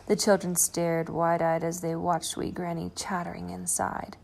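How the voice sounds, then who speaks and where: A woman reading a children's storybook aloud, expressive and slowing for effect. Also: on the low side, gravelly. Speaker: storybook reader. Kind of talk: children's book read-aloud.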